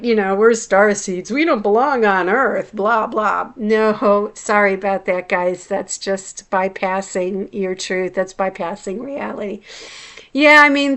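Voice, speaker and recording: Slow, reflective woman sharing a personal story. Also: medium pitch, fairly bright tone. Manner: slow and reflective, confessional, with many restarts. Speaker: hypnotherapist. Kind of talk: casual personal vlog.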